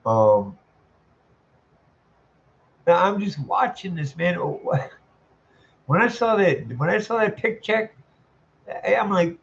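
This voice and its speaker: A man in his sixties with a voice he calls squeaky, ranting bluntly and swearing a lot as he comments. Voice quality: self-described squeaky voice. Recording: muffled lo-fi audio.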